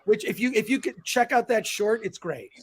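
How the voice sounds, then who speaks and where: A man's voice: high voice, slightly rough. A man co-hosting a live awards watch party, chatting casually and eagerly recommending films. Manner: animated, quick to recommend films. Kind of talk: casual group chat.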